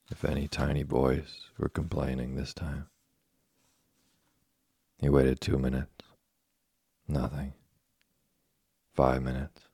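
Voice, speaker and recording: A man reading a classic children's story aloud as a slow, soft, monotone sleep story. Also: a bass voice, gravelly, breathy edge, no echo, studio quality. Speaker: narrator. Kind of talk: scripted sleep story narration.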